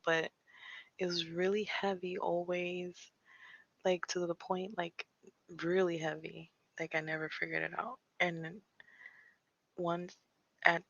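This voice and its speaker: A young woman with a gravelly, bright voice tells a spooky story in a nervous, casual way. She laughs easily and drops into whispers. The sound is slightly dull and lo-fi. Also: on the low side. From Pennsylvania. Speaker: paranormal vlogger. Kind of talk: casual storytelling and ghost-hunting session.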